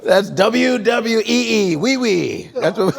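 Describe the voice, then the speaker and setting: A man's voice: extremely high pitch, expressive, vocal fry, background noise, exaggerated voice. A man doing a comic impression of a boastful, insulting older male politician. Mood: boastful mocking. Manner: bragging, mocking insults, drawn-out delivery.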